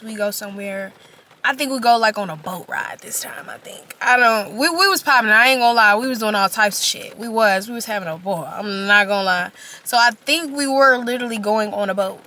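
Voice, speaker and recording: Young woman, chatty animated storyteller, tense bright voice. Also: mid-range voice. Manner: chatty, animated, slangy retelling with quoted back-and-forth. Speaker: vlogger telling a storytime. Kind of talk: casual storytelling to camera.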